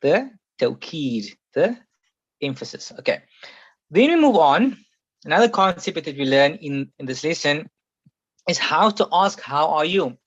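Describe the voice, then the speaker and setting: A man's voice: on the high side, expressive, measured pace, slightly rough, no echo. A man teaching a classroom Arabic grammar lesson, patiently explaining and repeating each example several times. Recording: muffled, slightly lo-fi sound.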